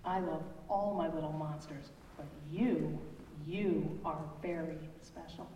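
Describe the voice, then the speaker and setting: A woman voicing a gentle, loving mother monster at bedtime, reading slowly and softly in an echoey church hall heard from a distance. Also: low voice, a little hiss or hum. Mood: tender.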